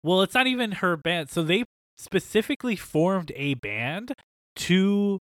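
A man co-hosting a podcast in casual chat, animated and laughing often, with loose filler words. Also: sits high, a little slow, no room sound, clean studio sound. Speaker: podcast co-host.

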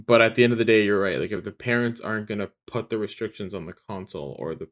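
Calm low-voiced man podcast co-host. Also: fast. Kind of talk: casual chat.

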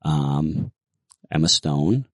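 A man's voice: a bass voice, expressive, drawn-out words. A man hosting a casual podcast chat, joking around and laughing at his own bits. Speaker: podcast host.

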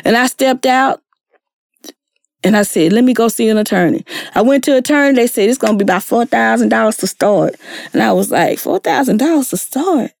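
A woman's voice: fairly high pitch, expressive, a little fast, gravelly, a little mellow, no echo, clean studio sound. A middle-aged woman, telling her personal story with earnest feeling and acting out the people she quotes. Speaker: guest sharing her story. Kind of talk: emotional personal testimony.

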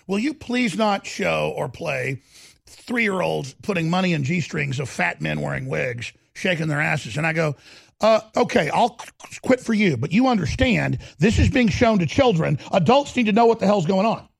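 Middle-aged male host, husky gravelly voice, ranting and shouting on a talk show. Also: high voice, expressive, moderate pace. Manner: erupts into shouting and growling. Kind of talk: heated talk show rant.

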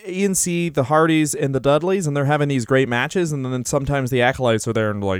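A man's voice: medium pitch, quick pace, clear, resonant tone, no room sound, clean studio sound. A man co-hosting a casual comedy podcast, joking and laughing often as he riffs. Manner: joking, laughs often, slips into mocking voices. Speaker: podcast co-host.

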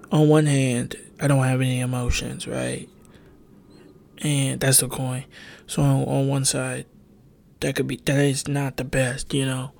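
A man's voice: medium pitch, creaky. A young man hosting a solo podcast, talking hesitantly and openly, with many ums and restarts, close to a home microphone. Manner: rambling, hesitant, full of ums and self-corrections. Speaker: podcast host. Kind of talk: solo confessional podcast talk. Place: home bedroom. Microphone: close desk microphone.

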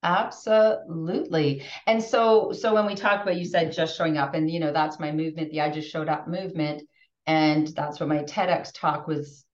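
Animated woman in her fifties, echoey and distant. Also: low voice, moderate pace. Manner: animated, emotional, frequent restarts. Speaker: podcast guest. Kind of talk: casual podcast conversation. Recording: distant roomy muffled remote audio.

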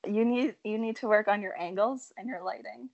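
A woman's voice: medium pitch, a little fast, gravelly. Teasing young woman, slightly dull sound. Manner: teasing, laughs often, trails off quietly. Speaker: podcast co-host. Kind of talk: casual chat.

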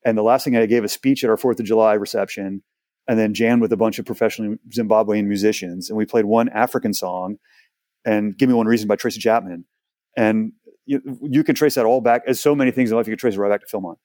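A man in his forties from Houston, a guest telling animated stories in a casual interview, full of restarts and asides. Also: on the low side, quick pace, dry recording, studio quality. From Houston, Texas. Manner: animated, chatty, many restarts.

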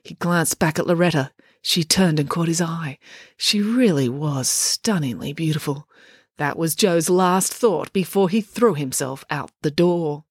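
A woman reading a children's adventure story aloud, lively and expressive. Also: deep voice, a little slow, husky, dry recording, clean studio sound. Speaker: audiobook reader. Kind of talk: scripted storybook narration.

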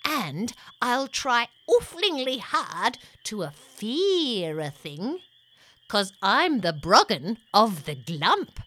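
A woman voicing a playful, mud-loving young female ghost creature in a sing-song, squeaky storybook voice. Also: sing-song, slow pace, fairly bright tone, exaggerated voice. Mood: spooky. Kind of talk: storybook audio reading.

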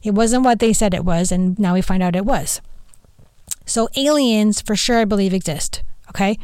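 A woman hosting a podcast in casual, animated chat who swears freely. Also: mid-range voice, moderate pace, smooth, no room sound. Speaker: podcast host.

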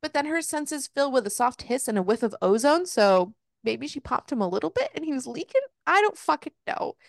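A woman co-hosting a casual podcast, recapping a book in an exasperated, swearing, animated way and voicing the characters' lines. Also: sits high, a little fast, vocal fry, no echo, clean studio sound. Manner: swearing, exasperated, animated retelling with voiced quotes. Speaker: podcast co-host.

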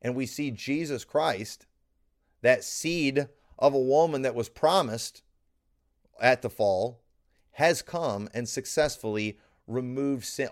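A man, a pastor preaching a Bible teaching who repeats his key lines for emphasis. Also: medium pitch. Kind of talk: sermon-style Bible teaching.

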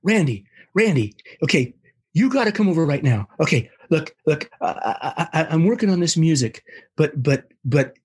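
A man's voice: fairly high pitch, very animated, normal speed, husky, pitched above the performer's own voice. A man voicing an eager, overexcited young man who keeps pressing and repeating himself. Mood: urgent. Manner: breathless, insistent, repeats himself.

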